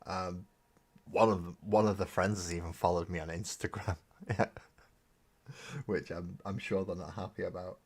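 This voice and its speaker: A man's voice: deep voice, steady tone, normal speed, long pauses, slightly rough. A man hosting a live stream, chatting casually and rambling with self-mocking humor while painting miniatures.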